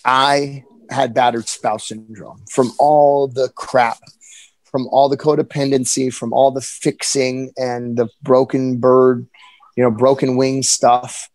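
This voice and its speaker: A young adult man telling a candid personal account in an earnest, halting way, often restarting his sentences. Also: mid-range voice, little pitch movement, a little mellow, dry recording, rough recording. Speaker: personal storyteller.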